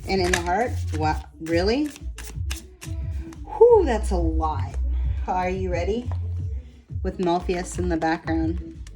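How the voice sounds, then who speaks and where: A woman leading a guided energy healing session, gently instructing a client and meandering with many ums and likes. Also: on the low side, slow pace, pauses often, soft background music, poor audio. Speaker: spiritual energy healer.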